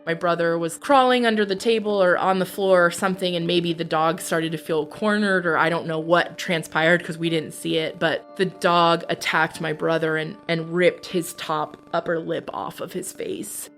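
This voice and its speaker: Blunt, lower-voiced woman telling her story. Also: fairly even intonation, moderate pace, hardly any pauses, fairly bright tone, soft background music. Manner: blunt, profane, candid. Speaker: podcast guest. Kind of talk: personal storytelling.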